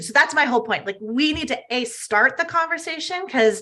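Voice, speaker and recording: A bright, clear-toned middle-aged woman chatting as a podcast guest. She talks earnestly and with animated enthusiasm, bringing humor into the conversation. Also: high-pitched, fairly quick, few pauses. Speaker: guest health coach. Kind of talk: casual interview chat.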